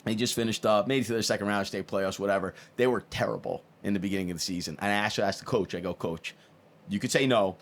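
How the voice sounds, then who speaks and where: A man's voice: lowish voice, steady tone, racing, few pauses, a bit bright. A middle-aged man hosting a podcast, asking long, chatty questions with enthusiasm. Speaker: podcast host. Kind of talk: casual interview chat.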